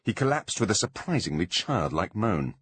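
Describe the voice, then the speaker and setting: A man narrating a storybook audiobook in an animated, dramatic reading. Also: lowish voice, normal speed, breathy edge.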